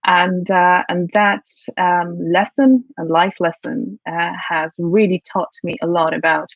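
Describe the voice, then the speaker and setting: A Polish-born woman with a British accent, a guest speaking warmly and reflectively in an interview, often restarting her phrases. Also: fairly low pitch, fairly even intonation, a little slow, no echo. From Poland. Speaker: guest, CEO and leadership coach. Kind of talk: casual interview chat. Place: at home. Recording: dull, dry video call audio.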